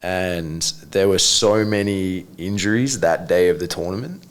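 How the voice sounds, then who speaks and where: A man with a fairly low voice tells stories as a podcast guest. He rambles and restarts his sentences a lot. He swears casually as he talks. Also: measured pace. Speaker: guest, martial arts coach.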